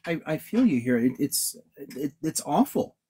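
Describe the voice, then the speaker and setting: Husky-voiced man, halting and thoughtful. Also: fairly high pitch, sing-song, dark tone. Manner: hesitant, many restarts, thoughtful. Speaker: discussion panelist. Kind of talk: casual discussion.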